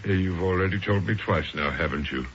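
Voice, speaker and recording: An actor playing a genial, absent-minded older gentleman in a radio drama, fussy and hesitant, on a dull old broadcast with hiss. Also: low-pitched, fairly quick. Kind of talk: 1970s radio drama acting.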